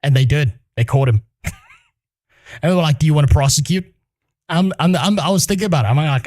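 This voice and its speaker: A man's voice: fairly high pitch, expressive, fairly quick, pauses often, darkish tone. A male streamer telling a story in a casual, heated rant, swearing constantly.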